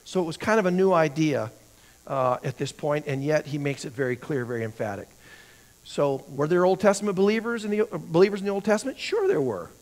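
A man's voice: on the high side, lively intonation, fairly quick, a little mellow. A man teaching a church Bible class, who asks the class questions, answers them himself and often repeats words while he thinks.

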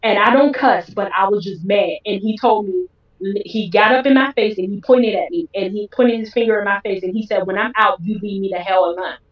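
A woman's voice: medium pitch, fairly quick. Woman telling a story in a roomy, distant room. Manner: emotional, acts out quoted dialogue. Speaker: guest telling her story. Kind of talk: personal storytelling interview. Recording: roomy, distant, dull sound.

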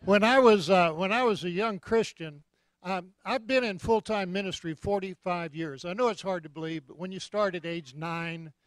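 A man's voice: sits high, moderate pace, no room sound. Jovial preacher in his seventies. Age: 70s. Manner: jovial, joking, bursts of loud praise. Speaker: guest preacher. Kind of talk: sermon.

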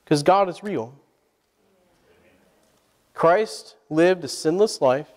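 A fairly high-pitched man preaches slowly and expressively, his tone a little mellow. It's a call-and-response sermon in a church sanctuary where he asks the congregation questions for them to answer, with a long church-hall reverb around him.

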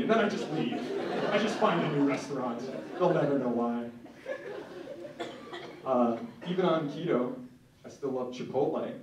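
Young male stand-up, higher voice, self-mocking deadpan, recorded from across a reverberant room. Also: muffled recording. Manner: self-mocking, deadpan asides with many "like" fillers. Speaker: stand-up comedian. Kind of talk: stand-up comedy set. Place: comedy club stage. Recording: echoey room from far off, faint noise.

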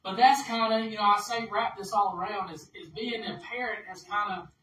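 A man's voice: high voice, moderate pace, sharp tone, reverberant, recorded from a distance, a little hiss or hum, rough recording. A man, a minister telling a family story in a chatty, folksy sermon, laughing between phrases. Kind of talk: anecdotal sermon.

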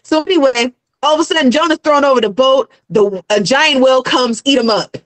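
A woman's voice: high-pitched, fairly quick, dry recording, poor audio. A young adult woman in casual chat, retelling a story with acted-out character voices and frequent laughter. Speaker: guest.

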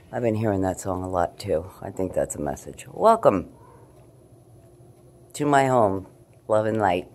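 A woman filming a casual night-time video diary in her apartment, swinging between low murmurs and cooing talk to her cat. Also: big pitch swings, measured pace, long pauses, darkish tone. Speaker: vlogger.

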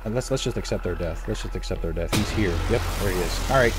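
A man doing let's play commentary on a horror game, excitable, repeating phrases over and over and swinging between low mutters and loud outbursts. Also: fast talker, over loud music. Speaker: gameplay commentator.

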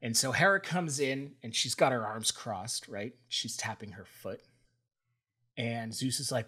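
A man co-hosting a podcast who retells old myths in a playful, animated way. His voice is somewhat husky and sits at a mid pitch for a man. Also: measured pace. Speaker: podcast co-host. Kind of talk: casual storytelling.

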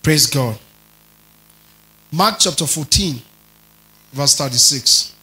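A man preaching a teaching sermon, stretching and stressing key words, rising to loud emphasis and checking in with his listeners. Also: fairly high pitch, lively intonation, takes it slowly, low-quality recording. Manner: checks in with listeners, tells them to underline words.

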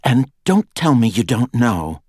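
Male reader doing a demanding young first daughter, audiobook thriller, pushed-up pitch. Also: expressive, measured pace, no echo, studio quality. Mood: insistent. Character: young woman, president-elect's daughter, tense and insistent.

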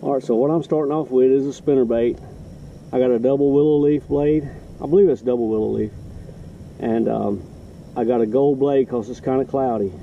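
A man's voice: medium pitch, steady tone, brisk, creaky, slight background noise. A man talking casually and rambling as he fishes from a kayak on a lake, often correcting himself. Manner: rambling, self-correcting, folksy. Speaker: fishing vlogger. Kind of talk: casual outdoor vlog narration. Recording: distant, muffled outdoor camera audio.

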